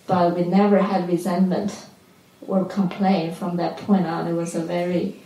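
A woman's voice: fairly low pitch, flat delivery, moderate pace, mellow, recorded from a distance, a little hiss or hum. A woman who speaks natively, earnestly sharing a personal story at a retreat. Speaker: spiritual teacher. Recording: echoey room.

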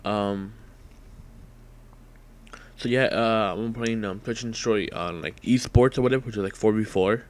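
Male gaming host, slightly low voice, groggy and rambling, lots of ums and uhs over live gameplay. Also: steady tone, normal speed, long pauses. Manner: rambling, filler-heavy casual talk. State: just woken up, sleepy.

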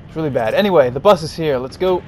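A man's voice: on the high side, expressive, quick pace, darkish tone, a little hiss or hum. A man casually commenting while playing a video game, rambling and easygoing with lots of fillers. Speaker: gaming channel host. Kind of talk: casual let's-play commentary.

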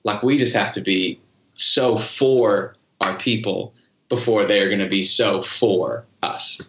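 A man speaking in an earnest, measured way in a podcast conversation. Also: fairly low pitch, a bit bright. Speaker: worship leader guest. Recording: roomy, dull lo-fi sound.

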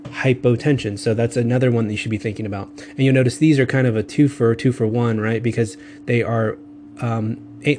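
A man with a Southern accent talks through a recorded pharmacology lecture at a middle pitch. He rambles casually, corrects himself mid-sentence and adds quick asides. A faint hiss of background noise runs under the voice. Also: a little mellow. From Texas.

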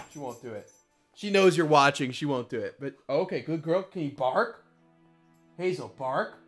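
A man giving casual gameplay commentary at home, excitable and quick to break into high-pitched shrieks and laughter, speaking into a desk mic with a windscreen while wearing headphones. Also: no echo, soft background music. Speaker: let's play gamer. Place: home room with his puppy nearby.

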